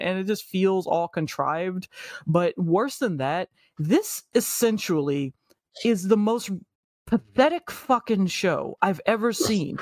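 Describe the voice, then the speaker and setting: A man with a high voice rants about movies and shows in casual chat, swearing freely. He talks fast and animatedly and keeps slipping into mocking voices. The sound is dry and close. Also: no echo. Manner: ranting, profane, animated, jokey mock voices.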